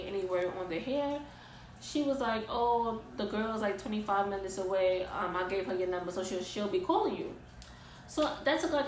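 A young woman telling an animated, exasperated storytime vlog in casual slang. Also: mid-range voice, echoey room, slight background noise, rough recording. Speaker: vlogger.

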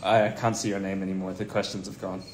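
Young man, livestream co-host, low voice, teasing, reads comments, roomy and hissy recording. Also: little pitch movement, very fast. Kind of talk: casual livestream chat. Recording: echoey room with hiss.

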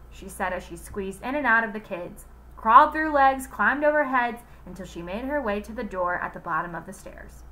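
A woman reading a children's book aloud in an expressive, unhurried way. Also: mid-range voice, rough recording.

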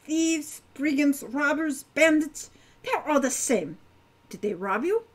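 Lady reading as a prim teen centaur girl, high lively voice, super formal, no contractions. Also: slow pace. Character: prim fourteen-year-old centaur farm girl.

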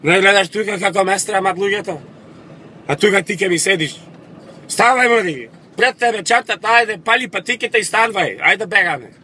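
A man's voice: medium pitch, quick pace, hardly any pauses, slight background noise, natural voice. A man voicing a drunk old husband, angrily scolding his wife. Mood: angry scolding. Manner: angry slurred scolding.

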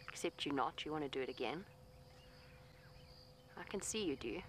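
There's a little hiss or hum as this low-voiced, expressive woman talks at a moderate pace, pausing often. She's a safari guide outdoors in her vehicle, soothingly pleading with an elephant while giving viewers a matter-of-fact live explanation of its behavior.

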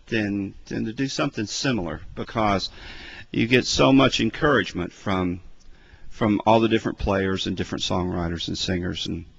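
A male singer-songwriter at a folk music gathering, chatting casually and modestly between songs, with halting restarts and fillers. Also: lowish voice, creaky, fairly bright tone, husky, no echo, lo-fi sound. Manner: modest, self-deprecating. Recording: live with guitar playing behind.

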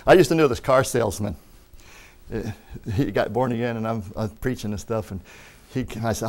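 A man preaching a lively sermon, acting out quoted voices and laughing along the way. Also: mid-range voice, brisk.

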